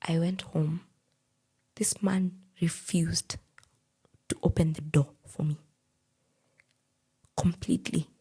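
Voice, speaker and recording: A young woman with a Kenyan accent recounts her own story in a breathy, half-whispered, intense voice. Her tone sits low and dark, with a heavy gravelly rasp and a very husky edge. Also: fairly even intonation, slow, pauses often. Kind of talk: personal storytelling.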